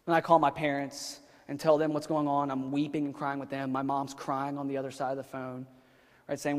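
Male pastor, 30s, conversational sermon, slightly high voice, long hall reverb. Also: brisk, a little mellow. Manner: conversational, rhetorical questions, frequent fillers. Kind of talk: sermon with personal story.

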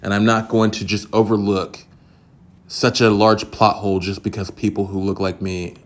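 A man's voice: on the low side, flat delivery, normal speed. A man hosting his podcast alone, giving a casual, rambling review full of profanity and jokes. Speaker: podcast host.

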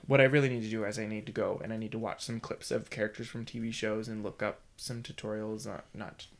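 A man's voice: on the low side, fairly even intonation, quick pace, gravelly. A man co-hosting a podcast and running a tabletop game, chatting in a thoughtful, hesitant way as he thinks aloud. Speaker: podcast co-host, game master. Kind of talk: casual chat.

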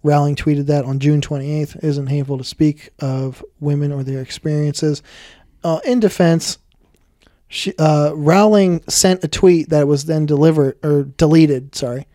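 A man's voice: a little high, steady tone, measured pace, mellow, no room sound. Wisecracking male podcast co-host, dry sound. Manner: dry wisecracks, reads news items aloud with stumbles. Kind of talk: casual comedy podcast chat.

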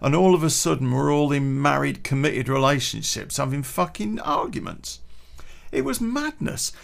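Gravelly man telling a story. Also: on the high side, sing-song, normal speed. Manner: profane, rambling, frequent restarts. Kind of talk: casual first-person anecdote.

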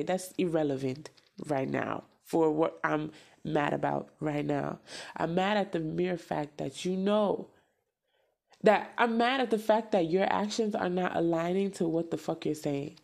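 Gravelly-voiced woman venting bluntly. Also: sits low, measured pace, a little mellow. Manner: blunt, profane, emphatic repetition. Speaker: podcast host. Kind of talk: casual venting monologue.

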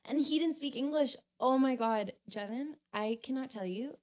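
A young woman, a podcast guest telling a story in a casual, animated way, laughing and swearing often. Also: high-pitched, moderate pace.

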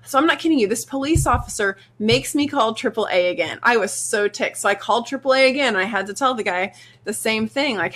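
A woman's voice: medium pitch, a little fast. A woman from Missouri, co-hosting a podcast, telling a travel story in casual chat and acting out the quoted dialogue. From Missouri, USA. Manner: animated, acts out quoted dialogue. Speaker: podcast co-host.

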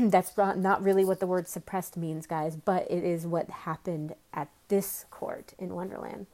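A woman reads a classic children's storybook aloud, pausing now and then for a casual aside to her listeners. Her voice is mellow and on the low side. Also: fairly even intonation, low-quality recording. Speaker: storybook reader. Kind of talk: reading a children's novel aloud.

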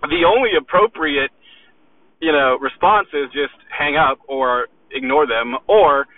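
A man's voice: fairly high pitch, measured pace, no echo. A man giving an aggressive, profane motivational rant, hammering his points with "okay?". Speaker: weights seller. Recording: tinny phone-like recording.

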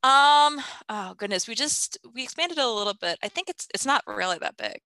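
A woman in her thirties chatting casually in an interview, laughing often and filling pauses with ums. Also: on the high side, expressive, sharp tone, no room sound, low-quality recording. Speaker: interviewee, gardening parent.

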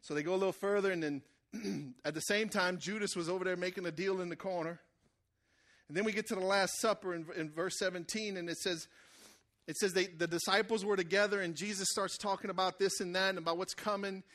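A man's voice: sits high, steady tone, fairly quick, a bit bright. A man preaching a sermon in a conversational, call-and-response way, acting out the people he talks about.

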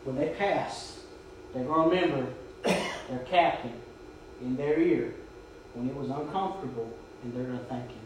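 Now at medium pitch and a normal pace, the pastor continues his sermon, storytelling, exhorting his congregation, and shouting out quoted drill commands. A little hiss or hum accompanies the far-off, echoey church recording.

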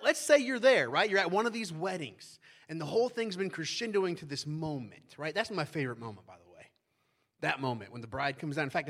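A pastor, a man with a fairly high voice, gives a live sermon. He talks in a loose, conversational way and keeps asking the people in front of him "right?". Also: fairly bright tone.

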